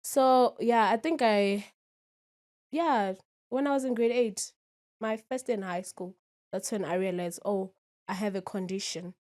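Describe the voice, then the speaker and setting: A woman's voice: mid-range voice, a little slow, a little mellow. A woman in her twenties, a podcast guest, talking candidly and often checking in with the listener. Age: 20s. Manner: candid, keeps asking "you understand?". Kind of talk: casual interview.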